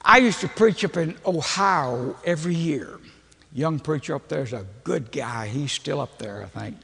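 Older male preacher, joking folksy storyteller, bright husky tone, long church reverb. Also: a little high, expressive, moderate pace. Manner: folksy, humorous, self-deprecating storyteller. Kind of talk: storytelling sermon.

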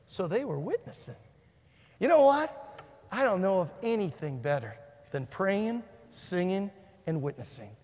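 A man preaching a sermon, telling a story and swinging between hushed and shouted delivery. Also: high voice, sing-song, a little slow. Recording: long hall reverb.

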